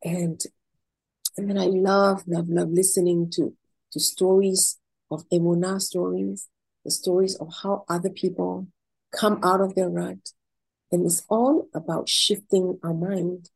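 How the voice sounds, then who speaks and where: Husky-voiced woman giving spiritual advice. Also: lowish voice, low-quality recording. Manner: animated, acts out dialogue in a story. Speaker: guest speaker. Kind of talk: inspirational talk with storytelling.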